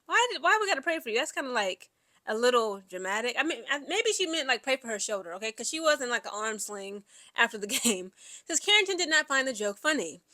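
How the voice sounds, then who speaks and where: Young woman, casual sports commentary, filler-heavy, bright voice. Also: fairly high pitch, fast talker, no room sound. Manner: chatty, animated, many "like" and "you know" fillers. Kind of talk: casual commentary, reading an article aloud.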